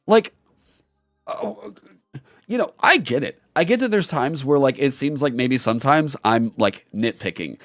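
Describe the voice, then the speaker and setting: A man's voice: mid-range voice, expressive, unhurried, dry recording, clean studio sound, soft background music. A man on his own channel delivering an angry commentary rant, heated, profane and emphatic. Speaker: YouTuber and streamer.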